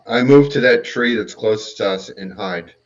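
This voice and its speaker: A man's voice: lowish voice, moderate pace, highs cut off, slight background noise. A man playing in a tabletop game, speaking briefly and matter-of-factly. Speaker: player. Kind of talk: casual tabletop game chat.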